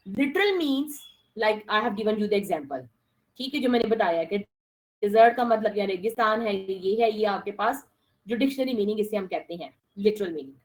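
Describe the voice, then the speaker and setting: A woman gives an online English lesson, speaking directly to her students and mixing in Hindi-Urdu phrases. Her voice is on the high side, and the audio quality is poor.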